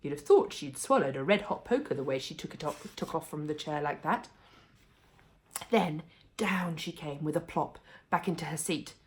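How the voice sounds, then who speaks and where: A woman reading a children's book aloud as a bedtime story, with expressive, animated storytelling. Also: sits low, moderate pace.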